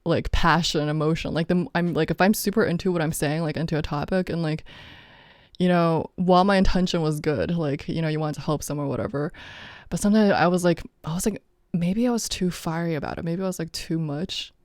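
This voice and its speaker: A woman's voice: sits low, brisk, darkish tone, no room sound, studio quality. A woman talking casually in a reflective vlog, rambling with many fillers and often breaking into laughter. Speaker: vlogger.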